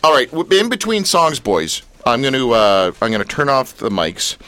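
A man's voice: medium pitch, very animated, normal speed, bright, forceful tone. A man hosting a radio show in a studio, joking and rambling with plenty of fillers. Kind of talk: casual studio chat.

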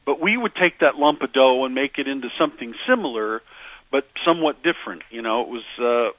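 A man's voice: mid-range voice, animated, brisk, dry recording, muffled recording. A man being interviewed as a musician guest, telling stories in a meandering way with many fillers and restarts. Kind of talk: reflective radio interview storytelling.

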